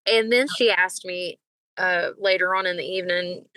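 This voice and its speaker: A woman tells stories as a guest in a casual interview, animated and ready to act out the people she talks about. Her voice is bright and sits a little low, and the close mic sounds dry. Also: normal speed, clear, resonant tone, no room sound, poor audio. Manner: animated, breaks into laughs and acts out the people she quotes. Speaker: singer and podcast guest.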